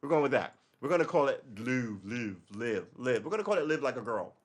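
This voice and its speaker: A man's voice: medium pitch, sing-song, fairly quick. Profane rambling man. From Brooklyn, New York. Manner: profane, loose and rambling, with laughs. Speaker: livestream host. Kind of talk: casual political commentary livestream.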